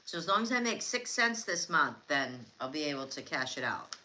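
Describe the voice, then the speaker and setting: Middle-aged woman, livestream co-host, very lively intonation, bright tone, chats between bites. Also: low-pitched, moderate pace, slight background noise. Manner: talks between bites, lively and matter-of-fact. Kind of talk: casual livestream chat while eating.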